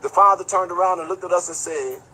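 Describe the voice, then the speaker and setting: A man's voice: high voice, fast talker, poor audio. Rambling, profane male livestream commentator. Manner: rambling, profane, animated storytelling; talks straight to viewers, reads chat aloud. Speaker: online commentator.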